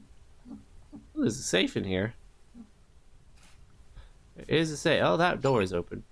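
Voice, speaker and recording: A man's voice: medium pitch, wildly swooping pitch, slow, gravelly. A man giving jokey, rambling commentary while playing a horror game, with mock-innocent asides. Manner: jokey, rambling, sing-song sound effects. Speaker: gaming youtuber. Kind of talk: comedic let's play commentary.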